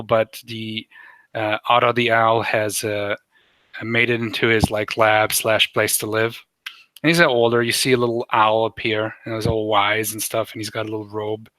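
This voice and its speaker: A man running a tabletop game, rambling along with lots of fillers. His voice is bright and forward, recorded close and dry. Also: mid-range voice, fairly even intonation, moderate pace, no room sound. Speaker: game master.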